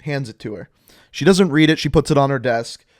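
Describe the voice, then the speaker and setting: A young man casually telling a rambling high school story to his channel, full of "like" and asides. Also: brisk, no room sound, clean studio sound. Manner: rambling, chatty, lots of "like". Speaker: vlogger.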